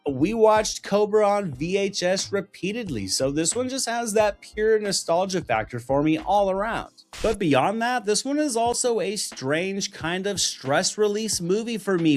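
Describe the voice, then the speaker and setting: Middle-aged male host, scripted reflective narration, easygoing, slightly high pitch. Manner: relaxed, reflective, affectionate.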